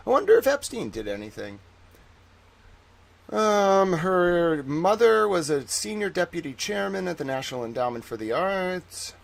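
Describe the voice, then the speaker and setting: A man streaming live, reading profiles aloud and ranting with excitable, profane mock outrage. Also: high-pitched, vocal fry. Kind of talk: live-stream commentary while reading online.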